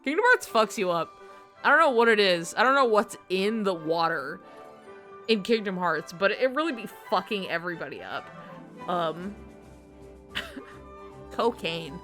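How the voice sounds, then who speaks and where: A woman streamer chats casually into her mic, her voice jumping all over in pitch as she gets excited, with a mid-range tone. She swears freely and laughs a lot as she rambles. Faint music plays behind her. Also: unhurried, pauses often. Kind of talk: casual chat.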